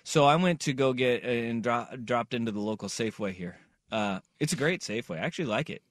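A man hosting a morning show, chatting casually and telling stories with lively acted-out quotes. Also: mid-range voice, quick pace, no room sound, studio quality. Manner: animated storyteller, acts out quotes. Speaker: radio show host. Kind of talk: casual studio banter.

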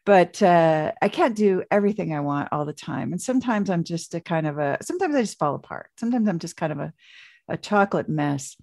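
A woman's voice: lowish voice, expressive, a little fast, creaky, a little mellow, no room sound, studio quality. A woman coach, a guest in an interview, telling stories in a chatty way full of fillers and restarts. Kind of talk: casual storytelling interview.

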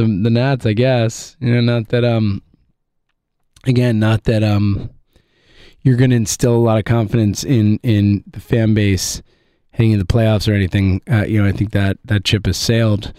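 A frustrated man vents about his team, his gravelly voice swinging widely between low mutters and high outbursts. He rambles, restarts and laughs in bitter disbelief. The sound is dry and close. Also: no room sound. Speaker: sports fan commentator. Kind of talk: ranting sports commentary.

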